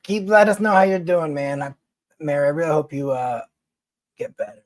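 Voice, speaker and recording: A man with a Philadelphia accent talks loosely to his livestream audience, swearing freely and wandering from point to point. His voice sits a little high for a man. The sound is dry and close, with no room around it. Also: moderate pace, no room sound. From New York City. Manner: profane, rambling, blunt. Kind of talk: casual livestream chat answering viewers.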